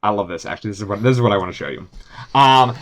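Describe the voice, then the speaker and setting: A man narrating as game master, halting and restarting often, with sudden shouted character lines. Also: lowish voice.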